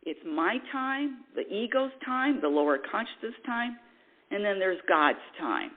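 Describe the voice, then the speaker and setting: A woman hosting a spiritual call-in radio show, preaching in an animated way and acting out quoted voices. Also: medium pitch, a little slow, phone-quality sound. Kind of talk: spiritual talk radio monologue.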